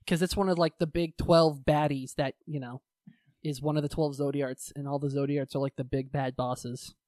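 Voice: medium pitch, steady tone, normal speed, a little mellow, no echo, clean studio sound. A co-host in casual chat, recapping a show in a rambling, profane way and slipping into voices for the characters. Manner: profane, rambling, acts out quotes in put-on voices.

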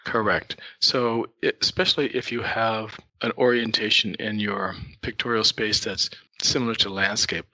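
A man's voice: fairly low pitch, bright, forceful tone, husky, dry recording, poor audio. A man who teaches art, a guest in an interview, patiently explaining ideas through worked examples.

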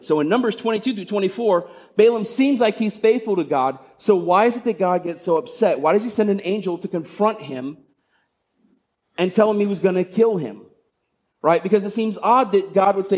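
A man's voice: high-pitched, moderate pace, darkish tone. A male pastor giving a sermon, retelling a story in a conversational way with rhetorical questions.

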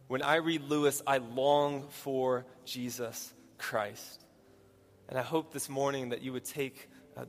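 Male preacher, mid-pitched and earnest, sermon in a reverberant church hall. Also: slight background noise. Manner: earnest, repeats key phrases.

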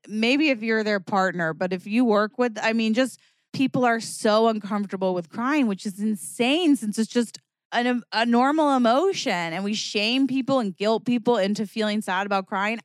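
A woman's voice: on the high side, clean tone, dry recording. Candid woman podcaster, dry close sound. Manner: candid, expressive, swings between animated and quiet reflective. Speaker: podcast host. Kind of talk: casual solo podcast monologue.

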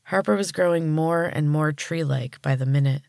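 A woman podcast host reading a story aloud in calm, even narration. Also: sits low, normal speed, creaky, no echo, studio quality.

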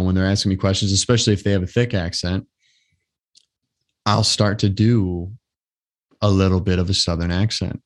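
A man hosting his own podcast, chatting alone in a loose, rambling way full of fillers. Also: sits low. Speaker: podcast host. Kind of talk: casual solo podcast chat.

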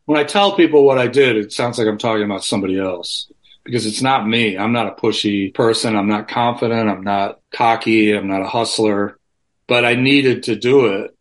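A man's voice: lowish voice, moderate pace. A man speaking as a guest in an interview, talking frankly and with plenty of profanity, rambling with many restarts over a remote call from his home. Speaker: guest musician. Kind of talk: candid conversational interview.

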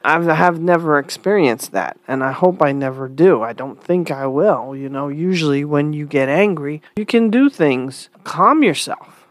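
A woman giving an earnest spoken commentary, asking rhetorical questions with sighs and lively pitch swings. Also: moderate pace, no echo.

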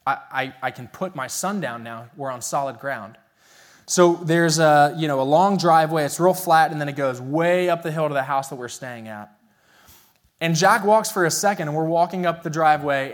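High-voiced young male pastor preaching. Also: a bit bright. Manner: storytelling, earnest and emphatic, slows for key phrases. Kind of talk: sermon.

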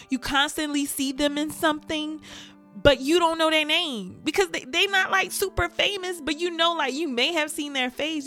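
A young woman hosting a podcast, talking candidly and with feeling, often breaking into laughter. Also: high voice. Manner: candid, animated, laughs often, speaks of faith. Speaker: podcast host. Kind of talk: casual heartfelt chat.

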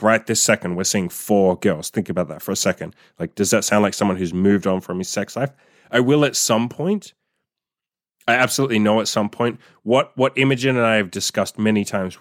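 A man with a fairly low voice hosts a podcast, delivering a blunt, profane, casual monologue and laughing often. The sound is clean and studio-quality with no echo.

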